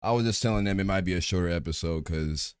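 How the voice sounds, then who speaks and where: A man's voice: deep voice, quick pace, clean tone, dry recording, clean studio sound. A man hosting a loose, rambling podcast, chatting casually and swearing freely. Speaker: podcast host. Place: home streaming setup.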